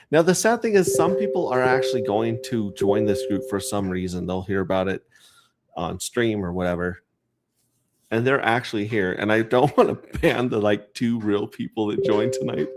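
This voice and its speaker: Man, low voice, rambling, joking, casual livestream chat. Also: expressive, moderate pace. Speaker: crypto livestreamer.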